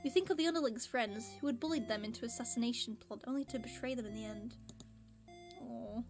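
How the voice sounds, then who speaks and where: A giggly, excitable young woman streaming a game and reading its text aloud, with a voice growing tired. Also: on the high side, brisk. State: voice getting tired. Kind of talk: let's play commentary and reading game text. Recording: game music underneath.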